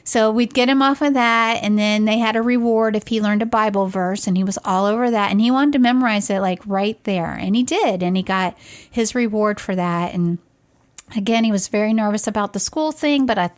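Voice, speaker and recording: Middle-aged woman co-host, chatty storyteller, mid-pitched, lively delivery. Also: brisk. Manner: animated, acts out quoted voices. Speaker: podcast co-host, parent. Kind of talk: casual conversational storytelling.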